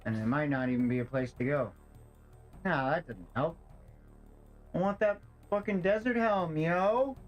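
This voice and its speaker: A male streamer chats over his game in a loose, profane style, ranting with plenty of exasperated swearing. He sounds overheated and fed up from sitting in a stuffy apartment. His voice is slightly high, with faint game music playing behind him. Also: measured pace, pauses often, rough recording. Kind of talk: casual gameplay commentary and dialogue reading. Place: hot apartment.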